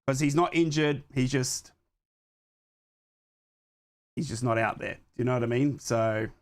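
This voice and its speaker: Hoarse, chatty watchalong host, a man. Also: medium pitch, unhurried. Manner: chatty, talks to his live chat while fixing things on the fly. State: hoarse, sick with a chest infection. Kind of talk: live football watchalong chat and commentary.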